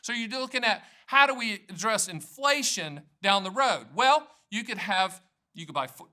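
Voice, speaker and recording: A man's voice: high-pitched, big pitch swings, moderate pace, pushed and bright. A man in his sixties from North Carolina, an annuity agent talking to camera in a folksy, joking sales patter. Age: 60s. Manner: folksy, jokey salesman patter with self-promotion. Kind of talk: direct-to-camera explainer.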